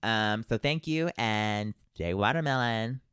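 A woman's voice: very deep voice, a little slow, a bit bright, clean tone, dry recording, clean studio sound. A woman hosting a podcast in casual chat, teasing and sarcastic with her sisters. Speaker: podcast host.

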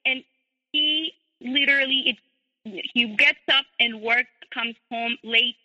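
A woman's voice: fairly high pitch, slow pace, pushed and bright. A woman guest telling her personal story, hesitant with many fillers. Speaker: interview guest. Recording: tinny phone line with long reverb.

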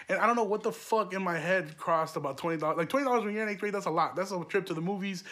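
A man's voice: high-pitched, fast talker, fairly bright tone. A young man hosting a podcast, telling a story casually with lots of swearing and rambling asides. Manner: profane, rambling, laughing asides. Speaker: podcast host.

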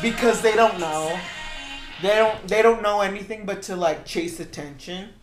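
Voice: medium pitch, normal speed. Profane laughing podcast co-host, echoey room. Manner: crude, profane, laughs often, calls people bitch. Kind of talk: casual comedic banter reacting to videos. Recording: echoey room with loud music behind.

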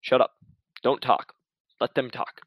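A man's voice: mid-range voice, level tone, unhurried, no echo, muffled recording. A man giving casual career advice in a chatty, laid-back way, full of restarts and asides. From Arizona.

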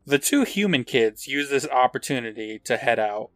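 In a loose, chatty episode recap, this podcast co-host narrates with a bouncing, expressive pitch at a moderate pace, laughing as he goes, swearing casually and acting out quotes. His voice is a bit bright, and the recording is close and dry with no room around it.

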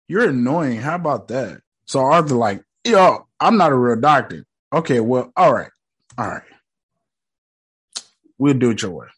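Man, casual slangy recap, joking, mid-pitched voice. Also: big pitch swings, a little slow, pauses often, a bit bright, husky. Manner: slangy, joking, quotes characters mockingly. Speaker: show recap host.

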